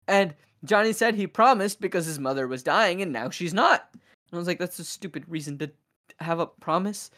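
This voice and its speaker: Podcast host recapping a movie, lively, tosses off the characters' lines as they go. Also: mid-range voice. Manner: animated retelling, quick voicing of characters' lines. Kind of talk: casual chat recapping a film.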